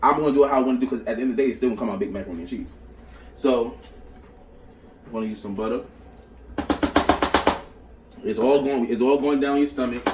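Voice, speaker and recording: A man's voice: medium pitch, fast, long pauses, recorded from a distance. A man talks through a recipe in a small home kitchen, loose and slangy, breaking off into side stories. He sits back from the mic, so the room echo is strong. A faint noise runs underneath. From New York. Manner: slangy, chatty, jumps between recipe and stories. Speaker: cooking show host. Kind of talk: casual cooking vlog storytelling.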